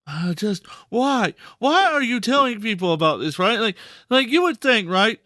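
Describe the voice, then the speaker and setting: A podcast host and streamer talks casually on a live stream, repeating himself in disbelief and stammering for words. His high voice swings widely in pitch at a moderate pace, pushed and bright, in clean studio sound with no echo.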